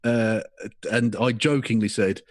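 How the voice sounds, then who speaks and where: A man's voice: mid-range voice, measured pace, no room sound. A man co-hosting a casual podcast chat, sarcastic and mocking, swearing freely. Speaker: podcast co-host.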